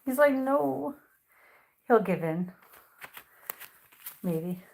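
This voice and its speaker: A woman chatting casually through a home vlog, slipping into high cooing baby talk with her pet birds. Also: unhurried. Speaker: pet bird keeper and vlogger. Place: indoors at home among plants and birds.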